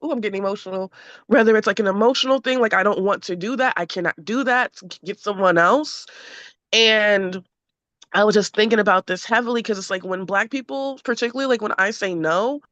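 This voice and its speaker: A woman speaks candidly in a group session. She is earnest and emotional, peppers her speech with fillers and slips into animated voices for quotes. Her voice sounds bright and sharp, and the recording is dull and very dry. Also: mid-range voice, fairly quick, no echo. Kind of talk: candid personal sharing.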